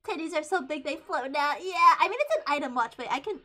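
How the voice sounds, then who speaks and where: A young woman in her twenties chatting casually on a live stream, giggly and hyper, getting loud when excited. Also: high-pitched, brisk. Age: 20s.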